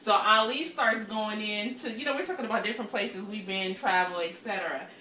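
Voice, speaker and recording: A woman co-hosting a podcast from her kitchen, telling stories in a casual, animated way, laughing often and swearing freely. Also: mid-range voice, a little fast, roomy sound, far from the mic, slight background noise. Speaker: podcast co-host. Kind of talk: casual storytelling chat. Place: home kitchen.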